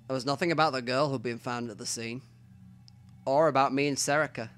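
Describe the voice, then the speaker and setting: A man's voice: mid-range voice, fairly even intonation, brisk, faint music behind. Man reading a visual novel aloud. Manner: reads narration aloud with quiet asides. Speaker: let's play narrator.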